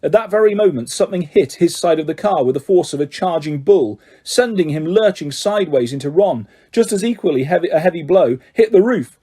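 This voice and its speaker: Guy reading an audiobook, higher voice, soft mellow tone, dramatic and expressive. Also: brisk, hardly any pauses, breathy edge. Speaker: audiobook reader. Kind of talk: scripted storybook narration.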